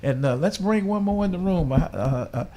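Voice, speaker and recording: Man hosting gospel radio, kinda high voice, lots of uhs, pitch jumps around. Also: lively intonation, dark tone. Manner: halting, many fillers, laughs easily. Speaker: radio host. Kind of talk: casual radio talk.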